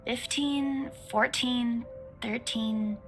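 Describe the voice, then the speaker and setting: A woman's voice: a little high, fairly even intonation, drawn-out words, fairly bright tone, soft background music, heavily acted. A woman voicing a young female agent who is groggy and confused after a fall. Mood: dazed. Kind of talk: game voice acting.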